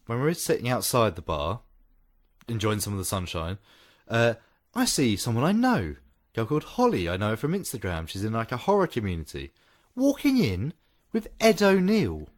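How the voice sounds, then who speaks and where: Lively, jokey male podcast co-host. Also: medium pitch, normal speed. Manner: animated, laughs often, jokey. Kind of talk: casual podcast chat.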